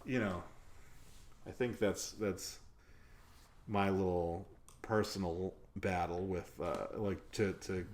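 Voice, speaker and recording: A man's voice: low-pitched, steady tone, takes it slowly, pauses often, darkish tone. A man hosting a podcast, talking in a rambling, self-deprecating way with lots of fillers. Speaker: podcast host. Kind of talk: casual chat.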